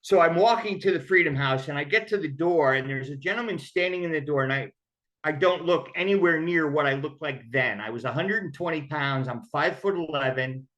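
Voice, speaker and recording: A man's voice: a little high, brisk, a bit bright, dull audio. A man telling his own story of recovery in a candid, conversational way. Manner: candid, conversational, acts out quoted voices. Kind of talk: personal storytelling.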